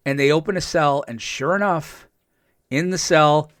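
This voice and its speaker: A man's voice: on the high side, normal speed, a bit bright, dry recording, studio quality. A man co-hosting a podcast, casually recapping a TV episode with lots of fillers and enthusiasm. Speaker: podcast co-host.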